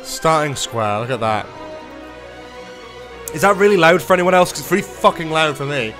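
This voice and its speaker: A man's voice: on the high side, lively intonation, fairly quick, fairly bright tone, faint music behind. A man casually commentating his own city-building livestream, swearing often, mocking himself and talking to his chat. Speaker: streamer playing a city-building game.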